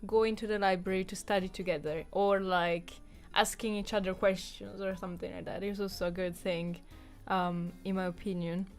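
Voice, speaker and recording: A chatty woman co-hosting a podcast, her voice sitting at an ordinary middle pitch. She talks loosely, with plenty of fillers and easy laughter, and faint music plays behind her. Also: steady tone, moderate pace. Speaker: podcast co-host. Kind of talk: casual chat.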